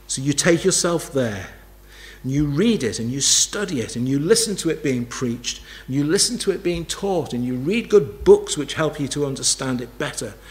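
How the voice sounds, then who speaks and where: A man preaching a sermon, emphatic, repeating key phrases and asking rhetorical questions. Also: a little high.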